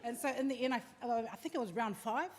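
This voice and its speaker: A middle-aged woman with a New Zealand accent tells a family story at a memorial service, acting out the moments with lively asides. Her voice sits a little high. It carries with a long echo through a large hall, over a faint hum of background noise. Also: quick pace. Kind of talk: personal storytelling.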